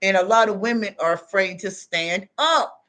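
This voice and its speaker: A woman's voice: medium pitch, normal speed, a bit bright. A woman giving spiritual advice in a casual, unscripted monologue, blunt and confrontational, full of street slang and talking straight to the listener. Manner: talks straight to the listener with many tags like "you know what I'm saying".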